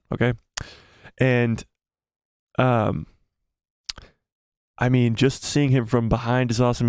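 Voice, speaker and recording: A man hosting a live stream, excitedly breaking down a trailer, talking quickly and repeating phrases. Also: mid-range voice, smooth, no echo, studio quality.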